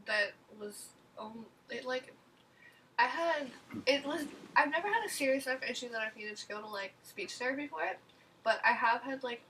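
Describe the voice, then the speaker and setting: Bright, high-voiced woman chatting off-mic. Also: distant mic, a little hiss or hum, low-quality recording. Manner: chatty, filler-heavy, skips word endings. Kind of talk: casual chat.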